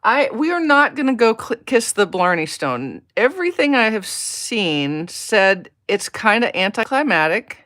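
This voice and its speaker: A woman's voice: on the high side, big pitch swings, measured pace, hardly any pauses, a bit bright. A woman demonstrating a card-making project on a live stream, chatting along as she works and greeting viewers by name. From United States. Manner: talks to herself while working. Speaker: papercraft demonstrator. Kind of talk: live-stream craft tutorial.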